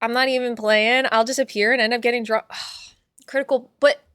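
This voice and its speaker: A woman's voice: on the high side, steady tone, moderate pace, a bit bright, clean tone, no echo, studio quality. A woman hosting a livestream, chatting casually with viewers in a playful, rambling way and laughing often. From father from Puerto Rico. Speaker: livestream host reading chat.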